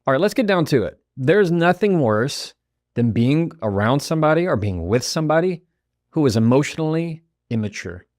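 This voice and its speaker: Guy hosting a podcast, lively up and down delivery, dry close sound. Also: on the high side, normal speed, no room sound. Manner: animated, acts out quoted voices. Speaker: podcast host. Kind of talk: motivational podcast talk.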